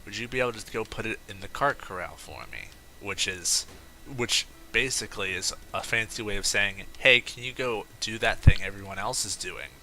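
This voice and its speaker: A man's voice: low-pitched, slight background noise, poor audio. A young man giving casual, rambling commentary over a video game, telling a wry story with lots of restarts and asides. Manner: rambling, self-correcting, wry and animated when telling a story. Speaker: gameplay commentator.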